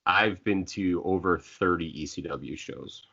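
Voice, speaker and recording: A man's voice: sits low, measured pace, sharp tone. A middle-aged man hosting a casual podcast chat, rambling and sometimes stumbling over his words. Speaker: host. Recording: dull lo-fi sound.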